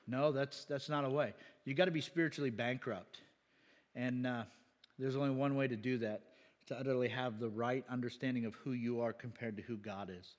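A man's voice: medium pitch, fairly even intonation, a little fast, long reverb tail. A man preaching a sermon as pastor, conversational and joking, with asides and chuckles.

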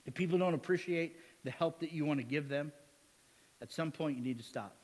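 A male pastor preaching a sermon in a lively way, asking "amen?" and chuckling with the congregation. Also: fairly high pitch, a little fast, long reverb tail.

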